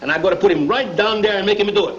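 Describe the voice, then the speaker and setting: An actor playing a hot-tempered but big-hearted Italian immigrant grocer, speaking broken English with an Italian accent and Italian phrases. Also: male voice, sits high, very fast, a bit bright. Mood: jovial. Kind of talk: 1930s film acting. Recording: dull scratchy 1930s film soundtrack.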